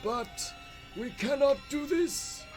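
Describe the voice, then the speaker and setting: A man voicing a stern old male headmaster wizard in a wobbly falsetto, speaking slowly and solemnly. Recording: background music under the voice.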